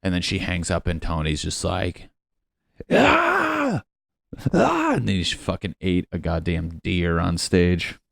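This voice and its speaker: Deep-voiced man ranting solo on a podcast. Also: flat delivery, normal speed, gravelly, dry recording, studio quality. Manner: profane, rambling, jokey with put-on quote voices. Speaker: podcast host. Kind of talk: solo comedic podcast rant. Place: his apartment on a lunch break.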